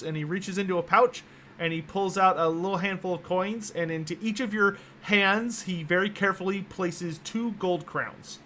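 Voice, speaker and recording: Man game master, stammering narration, bright tone, slightly high pitch. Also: moderate pace, a little hiss or hum.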